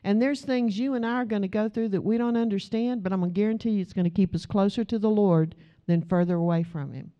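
A woman's voice: mid-range voice, fast talker, muffled recording. A middle-aged woman preaching a sermon in a conversational way, asking the audience questions.

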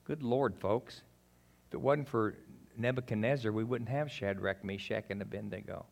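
A man preaching a sermon in a folksy, conversational way, talking straight to his congregation, now emphatic, now quiet and intimate. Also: on the low side, moderate pace, gravelly. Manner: swings between emphatic and quiet, intimate delivery. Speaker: pastor.

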